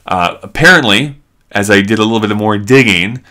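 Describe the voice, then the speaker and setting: A man hosting a live stream, telling a story in an animated, chatty way full of "like". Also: on the low side, moderate pace. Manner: animated, chatty, heavy use of "like".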